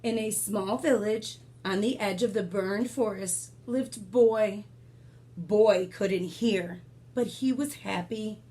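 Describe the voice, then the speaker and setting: A woman's voice: medium pitch, slow pace, warm tone. A woman reading a picture book aloud, with sound effects and little asides to her listeners. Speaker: storyteller.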